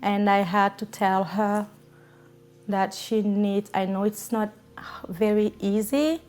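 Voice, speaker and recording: A woman tells a story about a friend at a very unhurried pace. Her voice has a middle pitch, and she acts out the remembered dialogue as she goes. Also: steady tone, darkish tone. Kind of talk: interview storytelling.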